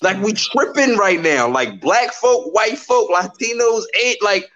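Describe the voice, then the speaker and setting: A man co-hosting a podcast in casual chat, animated and playful, acting out little quotes as he talks. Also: high-pitched, a little slow, hardly any pauses, highs cut off. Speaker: podcast co-host.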